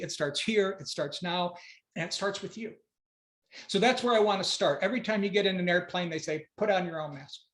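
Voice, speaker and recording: A man delivers a motivational keynote, telling stories with energy and emphasis. His voice sits a little high for a man. The sound is roomy, with a noticeable echo. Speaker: keynote speaker.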